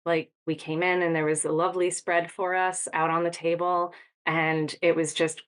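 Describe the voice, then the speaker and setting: Low-voiced woman guest reminiscing. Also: level tone, normal speed, clear, resonant tone. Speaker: guest, retreat attendee. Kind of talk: casual interview chat.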